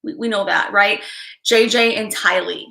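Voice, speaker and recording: A woman's voice: medium pitch, moderate pace, creaky, bright, forceful tone, echoey room, rough recording. A woman psychic hosting a live stream, talking casually and emotionally to viewers, rambling with sighs and restarts.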